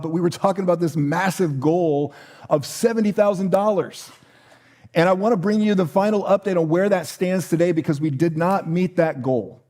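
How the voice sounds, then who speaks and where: A man's voice: on the high side, dark tone. A middle-aged man preaching a sermon as a pastor, casual and conversational with many fillers and restarts. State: choked up. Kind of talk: sermon with announcements.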